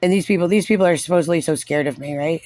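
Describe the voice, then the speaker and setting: A man's voice: a little high, racing, a little mellow, no room sound. A man giving casual, sarcastic and frustrated reaction commentary on a recorded meeting, saying "like" constantly. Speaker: parent reviewing a recorded meeting.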